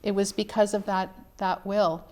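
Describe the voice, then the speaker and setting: A woman's voice: medium pitch, flat delivery, normal speed, dark tone. Earnest middle-aged woman telling a story. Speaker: author guest. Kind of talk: interview conversation.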